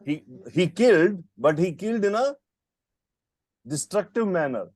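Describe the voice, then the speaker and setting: A man's voice: high voice, expressive, measured pace, a little mellow, no room sound. A man teaching Arabic grammar in an online lesson, patiently quizzing his student with short questions over a call. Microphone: computer mic on a video call.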